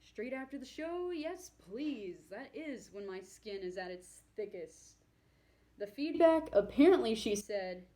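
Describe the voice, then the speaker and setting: A woman's voice: a little high, lively intonation, unhurried, warm tone. A woman performing a stand-up comedy set on stage, with a dry, self-deprecating delivery. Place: on stage before an audience.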